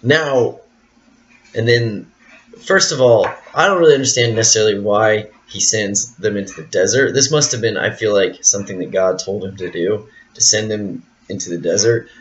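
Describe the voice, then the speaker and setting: A man with a fairly low voice reads a Bible passage and then talks it through in a loose, rambling way, leaning on fillers as he thinks aloud. The recording sounds dull and lo-fi. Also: moderate pace, a little hiss or hum. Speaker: Bible study teacher. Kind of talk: reading scripture then casual explanation.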